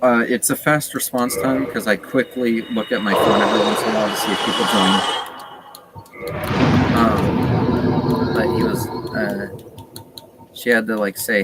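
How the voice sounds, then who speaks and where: A man's voice: fairly low pitch, measured pace, pauses often. A man streaming a game in casual chat, retelling a story in a rambling way with many fillers. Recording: loud steady background noise.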